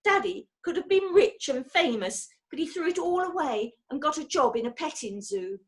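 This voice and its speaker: A woman's voice: high voice, lively intonation, voice pushed up. A woman voicing a bitter, vengeful woman villain who snarls with rage in a storybook reading. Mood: seething. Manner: seething, snarling, slow menacing delivery.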